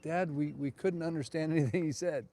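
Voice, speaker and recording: A man's voice: a little high, a little fast, dark tone, voice pushed up, natural voice. A man mimicking his puzzled kids.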